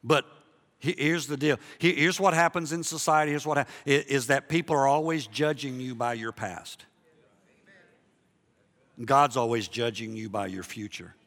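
A man preaching a sermon as a pastor, passionate, dropping to a hush and then building loud again, often repeating himself. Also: medium pitch, moderate pace, big-room sound. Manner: impassioned, swings between hushed and loud, repeats himself.

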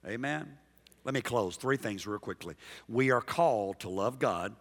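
A man preaching a sermon as pastor, emphatic and dynamic, dropping soft and then rising loud while he calls out to the congregation. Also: medium pitch, animated, normal speed, gravelly. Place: large church sanctuary. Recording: long hall reverb from a big church.

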